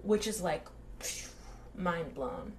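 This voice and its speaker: A woman's voice: lowish voice, slow pace. A woman co-hosting a podcast, telling a true-crime story casually, with swearing and acted-out quotes. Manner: animated, swearing, acts out quotes. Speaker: podcast co-host.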